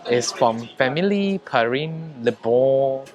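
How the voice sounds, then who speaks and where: A man vlogging a casual review of hotel food, wine and rooms, chatty, with frequent pauses and fillers. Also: mid-range voice, lively intonation, darkish tone, dull audio.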